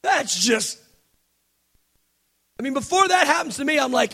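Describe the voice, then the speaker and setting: A man preaching a passionate sermon, reading scripture aloud and building to fervent shouted emphasis. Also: extremely high pitch, lively intonation, measured pace.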